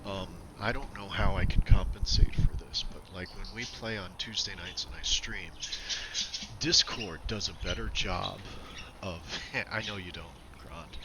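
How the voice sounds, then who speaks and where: A man's voice: sits low, moderate pace. A man streaming a video game, chatting casually and joking, with laughs and whispered asides. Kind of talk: casual live-stream chat. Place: home room with birds outside. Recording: noisy room with bird sounds.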